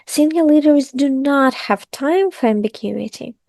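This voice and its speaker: A woman's voice: sits high, measured pace, vocal fry, a little mellow, dry recording. A woman, teaching an upbeat online English lesson and stressing key words.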